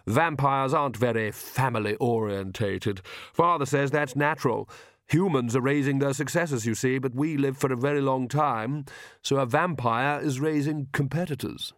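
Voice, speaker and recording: A man voicing a polite, dandyish young male vampire who speaks smoothly with light mockery, in a read-aloud fantasy story. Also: medium pitch, moderate pace, dry recording, studio quality, voice pushed up, natural voice. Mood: smooth, amused.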